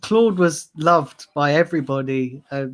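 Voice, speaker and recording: A man's voice: fairly high pitch, unhurried. A man talking in a casual tribute chat, hesitant and heartfelt, with many restarts. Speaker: regular on fan channel stream.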